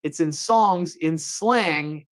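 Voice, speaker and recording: Speaking very slowly in a fairly high voice, this host of a comedic monologue show jokes his way through. He slips in playful asides and folksy put-on voices.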